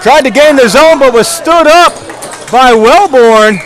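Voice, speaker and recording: A man calling a ball hockey game play by play, tired after hours of talking, joking at his own expense and getting louder on goals. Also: very high-pitched, measured pace. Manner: joking, self-mocking, rising excitement on goals. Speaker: play-by-play commentator.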